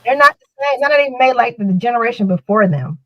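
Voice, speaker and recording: A woman's voice: fairly high pitch, animated, quick pace, highs cut off. A woman co-hosting a talk show, telling a story in a loose, rambling way that keeps repeating words and restarting. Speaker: podcast co-host. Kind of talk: casual storytelling chat.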